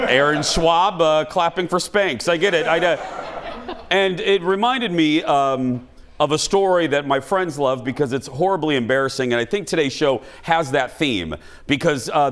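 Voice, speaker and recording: Animated man hosting a studio talk show. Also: on the high side. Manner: animated, self-mocking storytelling. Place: TV studio with live audience.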